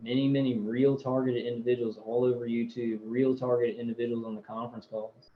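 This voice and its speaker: A man's voice: medium pitch, flat delivery, a little fast, narrow, tinny audio. A man hosting a casual livestream, reading viewer comments aloud and rambling with hesitations and fillers.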